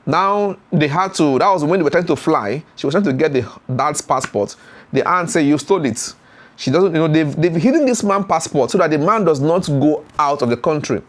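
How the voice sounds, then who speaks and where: Animated man retelling a story. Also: fairly high pitch, fairly quick. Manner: animated retelling with frequent fillers, acts out voices. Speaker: YouTube commentator. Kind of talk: storytelling commentary.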